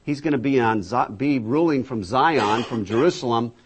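A man's voice: normal speed, slight background noise. A man preaching a sermon, reading scripture emphatically and talking directly to his listeners between verses with many fillers. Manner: booming emphatic scripture reading, conversational asides.

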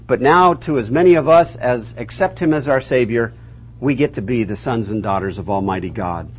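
A man's voice: mid-range voice, normal speed, slight background noise. A man teaching a conversational Bible lesson, asking the class rhetorical questions and restarting his sentences often.

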